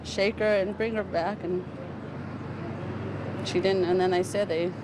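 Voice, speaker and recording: A grieving woman speaks outdoors on a city street in a halting, tearful way, with nervous little laughs now and then. Traffic noise is clearly heard behind her voice. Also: mid-range voice, fairly even intonation. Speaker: interviewee, grieving mother. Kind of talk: emotional street interview.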